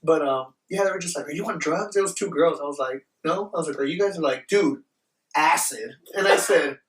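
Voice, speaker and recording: Brisk and animated, a young man with a slightly high voice hosts a podcast, swearing casually while recounting a wild story and voicing its characters. The mic is distant, the room echoes, and there's a little hiss or hum.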